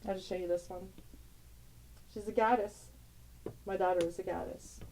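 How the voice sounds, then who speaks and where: Middle-aged woman vlogger, warm mellow tone, rambling, tender, quick to laugh. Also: mid-range voice, steady tone, slight background noise, poor audio. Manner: rambling, tender, laughs often, broken-off sentences. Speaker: tarot channel host. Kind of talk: casual emotional vlog, showing family photos.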